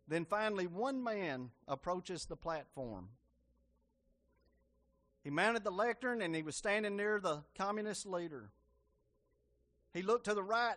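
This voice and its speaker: High-voiced impassioned male preacher. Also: fairly bright tone. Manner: impassioned, rising and falling delivery with dramatic pauses. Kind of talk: evangelistic sermon.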